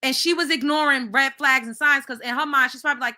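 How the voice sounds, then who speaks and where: A young woman hosting a livestream, talking fast and animatedly to viewers in the chat. Her voice is bright and a touch high, with casual swearing woven into her commentary. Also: fairly even intonation. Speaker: host.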